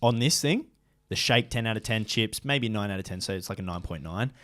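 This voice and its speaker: Low-voiced young Australian man. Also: lively intonation, a little fast, a bit bright. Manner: storytelling, emphatic complaining. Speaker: podcast co-host. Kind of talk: casual chat.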